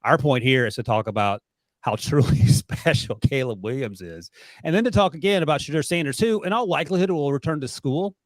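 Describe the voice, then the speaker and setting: A man's voice: on the high side, lively intonation, brisk, dry recording. A man hosting a sports podcast in a casual, playfully teasing way. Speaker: podcast host.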